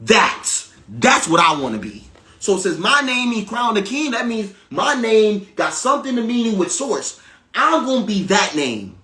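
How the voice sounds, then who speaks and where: Man, motivational spiritual monologue, emphatic, repeats himself, very animated pitch, bright tone. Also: unhurried. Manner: emphatic and preachy, repeating phrases for effect; swings from loud exclamations to low, quiet asides. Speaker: spiritual teacher.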